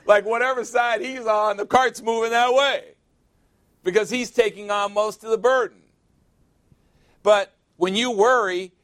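High-voiced man preaching a joking sermon. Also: a bit bright. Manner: conversational and joking, with emphatic asides.

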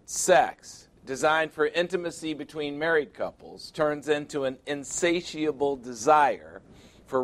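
Preaching man, emphatic and higher-pitched. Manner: emphatic preaching with rhetorical questions and scripture reading. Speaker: pastor. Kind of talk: sermon.

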